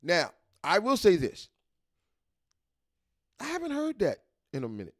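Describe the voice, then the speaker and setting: A New York man with a New York accent hosts a live stream, reading through a list in casual commentary. His high-pitched voice swoops wildly, and he speaks unhurriedly, repeating himself and restarting sentences.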